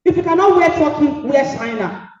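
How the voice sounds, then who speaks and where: A woman's voice: high voice, animated, moderate pace, crowd noise. Emphatic Nigerian woman in an echoey hall. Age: middle-aged. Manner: emphatic, preachy, repeats maxims, bursts to shouting. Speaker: guest speaker. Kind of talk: motivational speech. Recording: echoey hall, distant dull mic.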